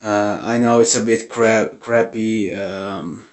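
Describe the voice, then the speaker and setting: A man hosting his first gaming video, giving game tips in a nervous, apologetic way with many halting fillers. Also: fairly low pitch, fairly even intonation. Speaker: gaming channel host.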